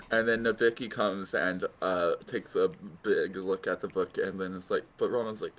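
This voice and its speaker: A man's voice: deep voice, steady tone, highs cut off. A man co-hosting a podcast in casual chat, chiming in with short agreements and adding plot details. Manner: slow, interjecting short agreements. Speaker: podcast co-host. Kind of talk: casual chat recapping an episode.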